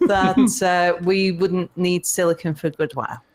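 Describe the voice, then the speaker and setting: A woman's voice: lowish voice, fairly even intonation, darkish tone, slight background noise. A woman chatting playfully with friends while playing a multiplayer game together. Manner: playful, chatty, quick to laugh along. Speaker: co-player. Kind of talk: casual multiplayer gameplay chat.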